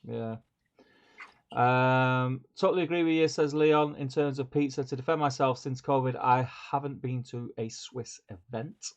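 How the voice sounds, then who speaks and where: A man's voice: mid-range voice, steady tone, moderate pace. A man co-hosting a live stream, reading viewer comments aloud and chatting with a laugh. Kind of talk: casual live-stream chat. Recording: dull lo-fi stream audio.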